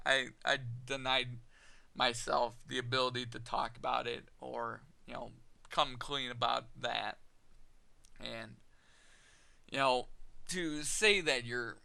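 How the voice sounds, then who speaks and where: A man recounts a deeply personal story straight to his viewers, pausing, repeating himself and restarting his sentences. His voice has a gravelly edge. The tone is bright and sharp. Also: steady tone. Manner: halting, many "you know" fillers and restarts. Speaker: vlogger.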